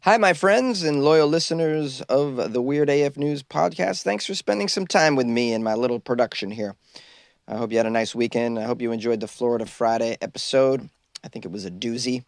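A man hosting a comedy news podcast, cracking jokes and riffing between readings. His voice sits at an ordinary middle pitch. The sound is very dry and close, as in a small closet. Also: brisk, dry recording. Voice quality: jokey, riffs and laughs at his own lines. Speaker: podcast host.

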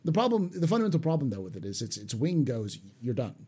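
A man's voice: medium pitch, very animated, quick pace, warm tone, slightly rough. A man co-hosting a gaming podcast, talking casually and rambling with frequent restarts. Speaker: podcast co-host.

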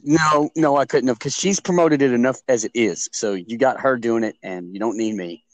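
A man co-hosting a podcast in loose, casual banter, laughing often and tripping over his restarts. He is calling in from outdoors at night, and his voice sits at an average pitch with a dry, close sound. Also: normal speed, no echo. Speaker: podcast co-host. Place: outdoors at night among crickets.

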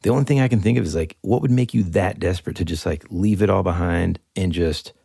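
A young man with a very low, gravelly, slightly husky voice chats on a podcast. He rambles in an animated way, full of fillers and restarts. The sound is close and dry. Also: fast talker, no echo. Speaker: podcast co-host. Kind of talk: casual chat.

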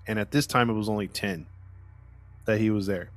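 A man's voice: fairly low pitch, fairly even intonation, a little fast, pauses often, no echo. Rambling, sarcastic podcast host man. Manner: rambling, frequent "you know" fillers and restarts. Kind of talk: casual true-crime storytelling chat.

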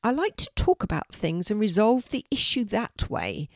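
An older woman voicing a polite, gentle, regal pampered female house cat in a storybook reading. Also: medium pitch, very animated, normal speed, no room sound, clean studio sound. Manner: polite, gentle, well-spoken.

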